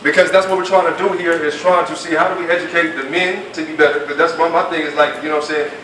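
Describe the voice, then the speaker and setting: High-voiced man lecturing in an echoey room. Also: fairly even intonation, fast, fairly bright tone. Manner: emphatic, colloquial, acts out quoted speech. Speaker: Islamic class teacher. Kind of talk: classroom lecture. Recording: echoey room, mic at a distance, faint noise.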